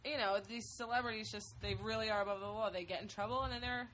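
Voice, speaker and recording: A woman's voice: medium pitch, steady tone, fast, a bit bright, slight background noise. A young woman chatting casually with friends, swearing freely and talking over the others. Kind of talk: casual chat. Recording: crowded room with overlapping voices.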